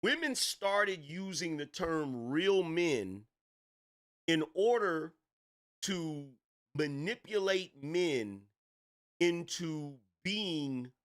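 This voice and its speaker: Man, middle-aged, fairly high voice, emphatic, repetitive, lecturing monologue. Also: a bit bright. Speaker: commentator. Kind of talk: opinion commentary monologue.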